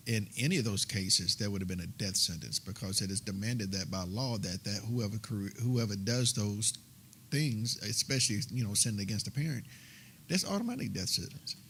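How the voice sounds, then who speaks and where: A low-pitched man joins a Bible study discussion. He speaks haltingly and searches for his words, with a faint hum of noise behind him. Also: a bit bright. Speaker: study group participant. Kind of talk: casual discussion.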